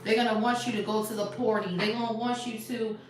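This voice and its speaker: Speaking a little high and fairly quickly, a woman gives a live tarot reading full of casual slang, emphatic and animated but occasionally dropping to a soft hush. The room echoes, she's far from the mic, and music plays behind her.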